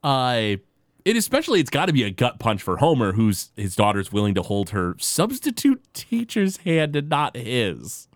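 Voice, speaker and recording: A man co-hosting a casual podcast, retelling cartoon scenes with lots of fillers and quick impressions. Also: mid-range voice, huge pitch swings, no room sound, studio quality. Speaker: podcast co-host. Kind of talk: casual chat recapping a cartoon episode.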